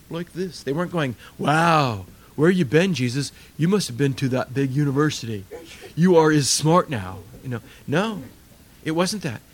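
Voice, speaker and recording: A man's voice: medium pitch, a little hiss or hum. An older man preaching a sermon, telling stories animatedly and acting out voices. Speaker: pastor.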